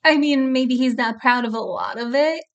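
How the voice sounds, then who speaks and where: A woman's voice: high-pitched, normal speed, muffled recording. A woman co-hosting a reaction channel, chiming in with short comments and questions during casual chat. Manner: brief interjections and questions. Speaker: co-host of a music reaction channel.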